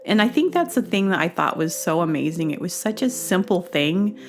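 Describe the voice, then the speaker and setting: A woman's voice: on the low side, fairly quick, soft background music. A woman hosting her own show, telling a long casual story with many fillers and restarts, acting out what people said. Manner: acts out quoted dialogue with bursts of excited laughter. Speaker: podcast host.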